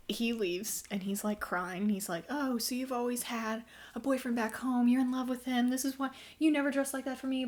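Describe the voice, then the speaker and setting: A woman reviewing a book in a casual vlog, retelling the plot in a sarcastic, incredulous way with plenty of fillers. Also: mid-range voice.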